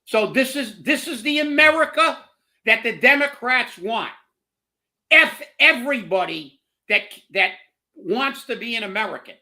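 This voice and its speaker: Though expressive and unhurried, the political show co-host is furious, swearing through his rant and stumbling over words he repeats when worked up. His voice is high for a man, bright and edgy.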